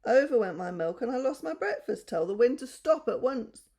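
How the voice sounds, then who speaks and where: A woman's voice: on the high side, big pitch swings, moderate pace, a little mellow, slightly rough, pitched above the performer's own voice, heavily acted. A woman doing a cross farmyard cat. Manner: indignant, complaining.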